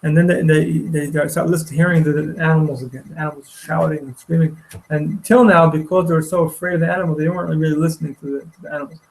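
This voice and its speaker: Male teacher, gravelly, somewhat high, halting storyteller. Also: fairly even intonation, rough recording. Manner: halting, repeats words, many restarts. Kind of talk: retelling a story in a lecture. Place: study hall.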